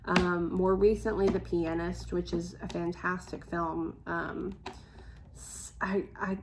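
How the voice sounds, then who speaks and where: A woman's voice: on the low side, flat delivery, slow pace, slight background noise. A woman hosting casual true-crime chat from her home, reading from notes with lots of ums. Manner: chatty, reads from notes, many ums. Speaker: host.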